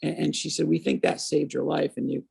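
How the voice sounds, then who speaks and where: A man in his fifties, a guest on an interview show, telling his story in a lively way and acting out the voices of people he quotes. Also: on the high side, fairly quick, gravelly, husky. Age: 50s.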